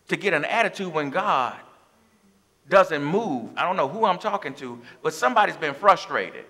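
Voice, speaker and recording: Give me a pastor preaching with passion to his church, a man with a high, bright voice. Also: expressive, moderate pace. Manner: impassioned preaching with call-and-response asides. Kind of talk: sermon. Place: church sanctuary.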